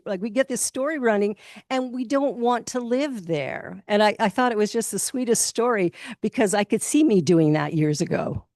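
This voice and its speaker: A Canadian woman minister giving a casual, candid spoken sermon, chatty and quick to laugh. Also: mid-range voice, animated, a little mellow, no room sound, clean studio sound. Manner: chatty and candid, laughs often, acts out quotes. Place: spiritual centre in Toronto.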